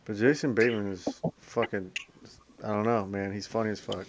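A man chatting casually as a podcast co-host, quick, agreeable and profane. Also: lowish voice, fairly even intonation, noisy background. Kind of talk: casual chat.

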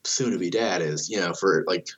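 A man's voice: low voice, moderate pace, highs cut off. A young man casually telling a long story, swearing a lot, filling his speech with "like" and acting out what people said. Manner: swears a lot, fillers like "like", acts out dialogue.

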